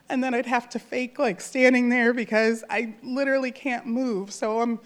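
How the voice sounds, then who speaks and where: A church member in her thirties delivers a sincere, emotional personal testimony, using plenty of filler words as she speaks from the heart. Her pitch leans high, her intonation is fairly even, and her speed is normal.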